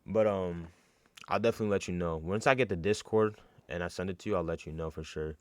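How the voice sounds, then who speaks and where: A man's voice: deep voice, fast, no echo. A young man from New York telling a casual, slangy story with lots of fillers and restarts.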